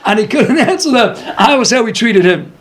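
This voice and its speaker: A man giving an animated Torah lecture as a rabbi. He tells stories with energy and acts out the people he quotes. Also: very high voice, moderate pace, slight background noise. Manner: lively storyteller who acts out quotes. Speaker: rabbi teaching a Torah class.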